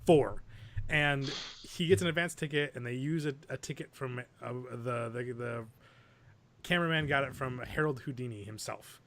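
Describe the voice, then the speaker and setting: A man's voice: medium pitch, normal speed, fairly bright tone. A man co-hosting a podcast in casual chat, talking eagerly and laughing as he retells scenes. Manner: enthusiastic, laughs while retelling movie scenes. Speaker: podcast co-host.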